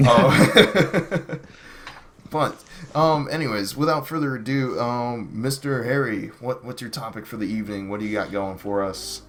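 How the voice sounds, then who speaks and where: A man's voice: mid-range voice, a little slow, fairly bright tone. Guy hosting a chill podcast, rambly, lots of ums, faint music under it. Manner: rambling, many fillers and restarts. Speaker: podcast host. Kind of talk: casual podcast chat.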